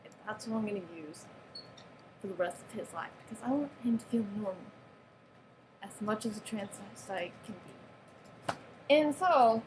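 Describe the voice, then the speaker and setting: A woman's voice: on the high side, noisy background. A woman giving a playful, mock-serious show-and-tell of a toy, with giggles and sarcastic asides. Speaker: vlogger showing off a toy.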